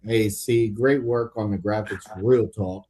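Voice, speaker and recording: A man's voice: lowish voice, fairly even intonation, measured pace, mellow, husky. A man co-hosting a casual sports debate, opinionated and dryly sarcastic. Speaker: co-host.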